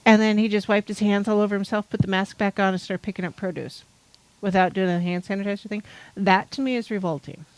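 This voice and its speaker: A woman podcast host from North Idaho talks in a loose, rambling way and keeps trailing into fillers. She sounds exasperated and casual, with a voice of middling pitch. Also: fast talker, clear, resonant tone, dry recording, low-quality recording. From North Idaho, United States. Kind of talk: casual chat.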